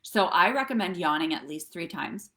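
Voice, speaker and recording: A woman's voice: on the low side, animated, normal speed, fairly bright tone. A middle-aged woman coaching viewers through breathwork and tapping on a live stream, chatty and often checking in with "okay?" and "right?". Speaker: wellness coach.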